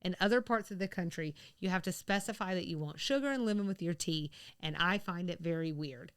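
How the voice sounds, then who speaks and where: A woman from the American South co-hosts a podcast, chatting casually with rambling asides and laughter. She has a lowish, clean voice and talks fairly quickly.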